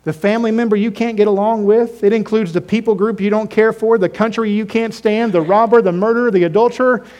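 A man delivers a sermon with insistent emphasis, circling back over his phrases and putting questions to his listeners. His voice sits notably high for a man. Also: steady tone, fast talker, hardly any pauses, a little mellow, dull audio. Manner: emphatic, repeats phrases, asks the congregation questions. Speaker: preacher.

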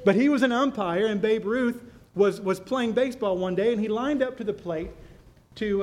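A high-pitched man preaching to a church congregation. He keeps putting rhetorical questions to the room and answers them himself, and he tells a story to drive his point home. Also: moderate pace, a little mellow. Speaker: pastor. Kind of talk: sermon.

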